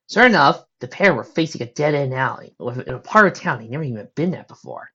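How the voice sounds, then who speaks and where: Low-voiced woman reading a story. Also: expressive, quick pace, hardly any pauses, fairly bright tone, breathy edge. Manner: low, plain narration with small slips. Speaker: reader of fan fiction.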